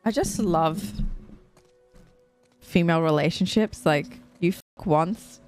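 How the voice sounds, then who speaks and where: A woman's voice: on the low side, takes it slowly, darkish tone, soft background music. A woman streamer giving chatty, emotional let's play commentary, swearing freely as she reacts to the game. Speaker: gaming streamer.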